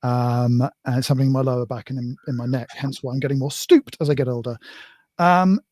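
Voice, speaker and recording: A man's voice: mid-range voice, fairly even intonation, a little fast, a little mellow, dry recording. British man in hesitant, chatty talk. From Britain. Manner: tells jokes with put-on voices, hesitant fillers. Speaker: guest. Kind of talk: casual chat.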